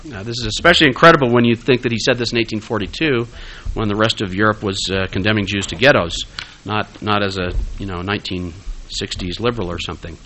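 A man's voice: on the low side, quick pace, pushed and bright, a little hiss or hum, poor audio. A man giving a conversational lecture-style talk, with frequent "uh" fillers, restarts and rhetorical questions.

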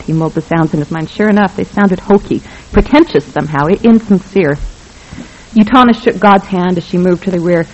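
A narrator reads a novel aloud with a wry, even delivery at a middle pitch. The recording is dull and lo-fi. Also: fairly quick. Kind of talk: scripted audiobook narration.

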